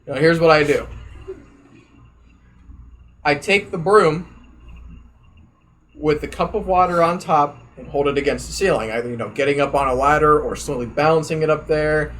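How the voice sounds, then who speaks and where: A man's voice: fairly high pitch, normal speed, pauses often, a bit bright. A man on a casual podcast telling a rambling story, repeating words as he goes. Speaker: podcast co-host.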